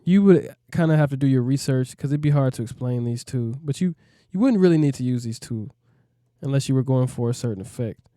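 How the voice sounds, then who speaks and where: A man's voice: medium pitch, fairly quick, warm tone, no room sound, clean studio sound. A man, a music producer, walking through a plugin in a laid-back, rambling way, often asking "you know what I mean". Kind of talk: casual tutorial walkthrough.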